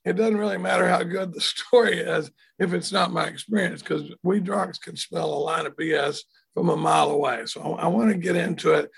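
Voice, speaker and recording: An older man from Texas with a hoarse voice, telling his recovery story in a rambling, self-deprecating way over a video call from home. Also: sits high, steady tone, fairly quick, hardly any pauses. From Dallas, Texas. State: hoarse from throat trouble. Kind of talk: casual storytelling talk. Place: home, indoors.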